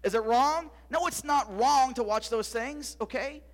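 A man's voice: very high-pitched, unhurried. A middle-aged man preaching a sermon, asking rhetorical questions with emphasis and sometimes dropping to a whisper. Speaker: pastor.

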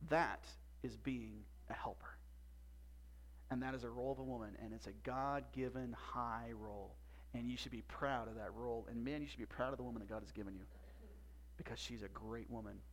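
Pastor preaching with hushed emphasis. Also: male voice, mid-range voice, slight background noise. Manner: emphatic, with long pauses and drops to a hush. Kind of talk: sermon.

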